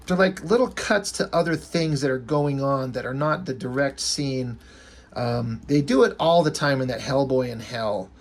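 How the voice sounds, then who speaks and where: Man rambling about a comic he loves. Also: medium pitch. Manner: enthusiastic, rambling, with frequent fillers. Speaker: comic book reviewer. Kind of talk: casual comic book review.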